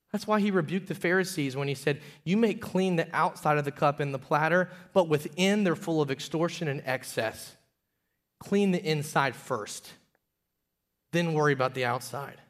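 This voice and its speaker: A pastor in his thirties preaches with a fairly high voice for a man, telling stories from his own life. He climbs to loud, emphatic peaks, then drops to a hushed, confessional tone. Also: moderate pace. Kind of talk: sermon.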